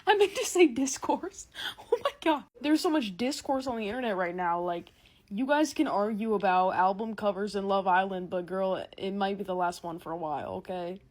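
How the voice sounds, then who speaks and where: A young woman doing a casual, sarcastic comedic monologue, animated and quick to laugh. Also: medium pitch. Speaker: comedic creator.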